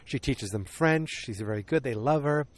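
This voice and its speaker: A man talking through a casual solo podcast recap at a mid-range pitch. He rambles, corrects himself often and fills pauses with ums and uhs. Every so often he breaks in with a loud, excited exclamation. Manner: rambling, self-correcting storyteller with frequent fillers; animated, exclamatory asides. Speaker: podcast host.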